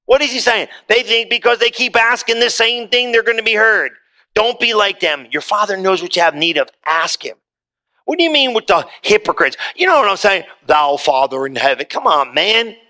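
A man's voice: high-pitched, expressive, normal speed, pushed and bright. A man preaching a sermon in a plain conversational way, rising into emphatic readings of scripture before a congregation. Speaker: pastor. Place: church hall with congregation.

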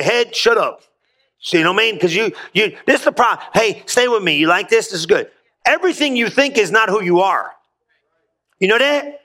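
A pastor with a high, bright voice preaches in a loose, conversational way. He mixes street slang and quick asides to his listeners into a lively sermon.

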